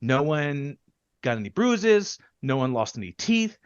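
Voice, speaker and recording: A man co-hosting a podcast in heated casual chat, ranting and swearing, with quick loud bursts that then drop low. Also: big pitch swings, clear, resonant tone, no room sound, lo-fi sound. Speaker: podcast co-host.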